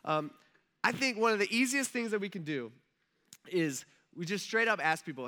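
A man's voice: sits high, expressive, normal speed, sharp tone. A man giving a casual sermon, conversational and full of "like," acting out imagined dialogues. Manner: conversational, filler-heavy, often says "like". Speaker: preacher.

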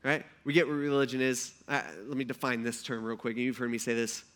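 A man preaching a sermon to his congregation, animated and joking, often acting out the people he describes. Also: mid-range voice, quick pace. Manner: animated, joking, acts out voices. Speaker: pastor.

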